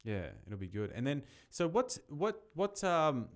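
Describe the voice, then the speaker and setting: A man hosting a podcast interview, laid-back and easygoing and quick to laugh. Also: a little high, big pitch swings. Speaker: podcast host.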